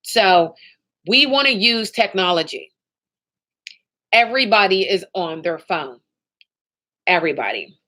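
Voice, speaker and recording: A woman's voice: medium pitch, animated, measured pace, pauses often, bright, forceful tone. A woman running a live training session for sales agents, upbeat and motivational, often checking in with "okay?" and "right?".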